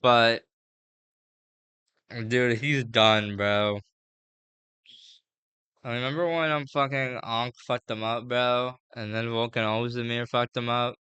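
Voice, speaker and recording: Bright, clear-voiced man rambling casually. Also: mid-range voice, fairly even intonation, takes it slowly, long pauses, dry recording. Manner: rambling, filler-heavy, slangy. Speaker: MMA fight previewer. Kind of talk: casual fight breakdown.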